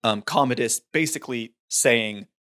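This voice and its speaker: A man's voice: medium pitch, moderate pace, fairly bright tone. Man musing over a film scene. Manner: thoughtful, rambling with restarts. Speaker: podcast co-host. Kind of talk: casual film discussion.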